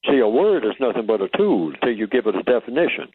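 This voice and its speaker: A man's voice: medium pitch, big pitch swings, quick pace, slightly rough, no echo. An older man speaking as a guest on a radio talk show, teaching emphatically and asking rhetorical questions. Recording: tinny phone line, dry.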